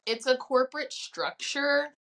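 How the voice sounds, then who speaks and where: A woman around thirty co-hosting a podcast in casual chat, animated, swearing casually and acting out the voices she quotes. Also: high-pitched, a little slow. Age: 30s. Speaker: podcast co-host.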